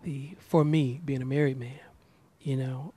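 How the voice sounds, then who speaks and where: A man in his thirties, a gospel artist talking in a casual interview, animated and preachy, often repeating words as he starts sentences. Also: medium pitch, unhurried, slight background noise.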